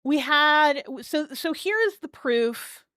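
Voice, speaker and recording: A woman's voice: high-pitched, slow, pushed and bright, dry recording, clean studio sound. A woman hosting a live stream, chatting casually and thanking viewers as she comments. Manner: chatty, keeps thanking chat supporters.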